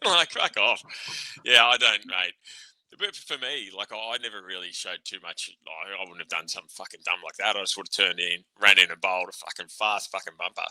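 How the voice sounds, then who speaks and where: A man's voice: low voice, fairly quick, bright, forceful tone, dry recording, low-quality recording. An Australian man and former player co-hosting a casual sports podcast, blunt and sweary, laughing often. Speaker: podcast co-host, ex-cricketer.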